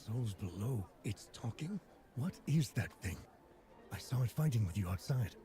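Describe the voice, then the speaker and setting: An actor voicing a gruff, battle-worn male soldier in a game, raspy and blunt. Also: mid-range voice, expressive, normal speed, warm tone, soft background music, natural voice. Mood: wary. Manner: blunt and clipped.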